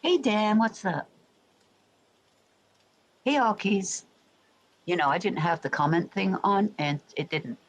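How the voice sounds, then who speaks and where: A livestream host from England with an English accent softened by years in America, chatting loosely and talking straight to viewers. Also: medium pitch, expressive, takes it slowly, long pauses, poor audio. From England, Royal Berkshire. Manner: rambling, chatty, addressing viewers directly. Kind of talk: casual livestream chat.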